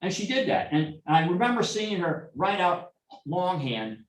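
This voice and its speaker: At an informal club meeting, a middle-aged man tells rambling anecdotes full of restarts and asides, his high voice swinging widely in pitch at an unhurried pace. The meeting room is echoey and he's far from the mic.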